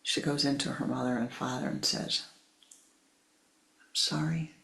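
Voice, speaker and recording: Gravelly-voiced man telling a teaching story. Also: mid-range voice, little pitch movement, brisk, bright, forceful tone. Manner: conversational, many asides. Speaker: spiritual teacher.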